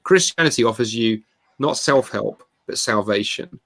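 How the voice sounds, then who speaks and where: A man speaking as a guest author in an interview, telling a story in an animated, emphatic way. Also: medium pitch, normal speed, slight background noise. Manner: animated, acts out quoted voices; emphatic, expressive. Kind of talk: conversational storytelling.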